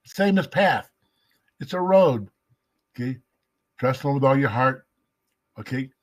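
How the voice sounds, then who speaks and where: A man giving a casual devotional teaching, emphatic, slowing down to stress key words and sometimes dropping to a whisper. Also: medium pitch, expressive. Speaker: messianic Jewish teacher.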